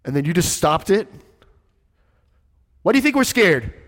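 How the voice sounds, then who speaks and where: A preacher playing incredulous, frightened disciples. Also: male voice, sing-song, normal speed, a bit bright, long reverb tail, heavily acted. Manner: incredulous, high and pleading. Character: exasperated frightened disciples, grown men.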